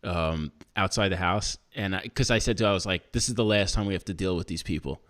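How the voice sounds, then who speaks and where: A man's voice: low-pitched, fast talker. A man co-hosting a podcast, telling a story in casual chat, acting out what other people said, swearing and laughing often. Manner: animated, acts out other people's lines while telling a story. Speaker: podcast co-host.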